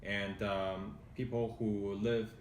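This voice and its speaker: A real estate agent with a measured, factual delivery, presenting a condo unit indoors. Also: male voice, lowish voice, flat delivery, recorded from a distance, a little hiss or hum. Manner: measured, factual, hesitant fillers. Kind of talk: informative property presentation. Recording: roomy sound from off-mic.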